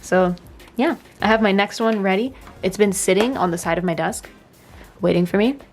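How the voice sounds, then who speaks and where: A young woman in her twenties chatting casually through a sketchbook tour, rambling, self-deprecating and quick to giggle. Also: mid-range voice, faint music behind. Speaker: artist giving a sketchbook tour. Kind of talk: casual chat.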